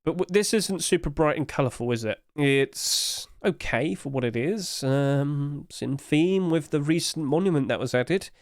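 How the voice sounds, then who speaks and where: A man's voice: on the high side, lively intonation, moderate pace, hardly any pauses, no echo, clean studio sound. A man hosting casual commentary, chatty and hedging, with apologetic asides, recorded at home on a desk mic. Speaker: host.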